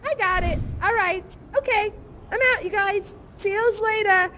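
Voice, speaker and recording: Woman playing a bubbly young bar worker, high-pitched, rambling, gushing, live immersive theater. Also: steady tone, normal speed, pushed and bright, slight background noise. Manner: chatty, gushing, giggly, rambling. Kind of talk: improvised in-character audience interaction.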